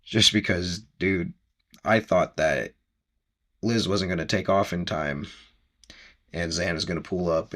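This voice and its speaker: A man's voice: low-pitched, gravelly. A man hosting a podcast, casually recapping a book chapter in a rambling, chatty way with easy laughs.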